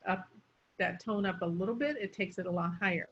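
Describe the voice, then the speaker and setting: A woman's voice: medium pitch, brisk, fairly bright tone, slightly rough. A woman speech coach teaching intonation, drawing out words to demonstrate stress, on a muffled lo-fi recording. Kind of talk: explanatory teaching.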